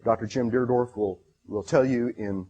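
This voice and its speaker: Man, husky voice, lecture presentation, halting delivery, lots of fillers, enthusiastic, mid-pitched. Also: warm tone, muffled recording. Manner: halting, many fillers and restarts. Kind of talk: lecture presentation, reading passages aloud.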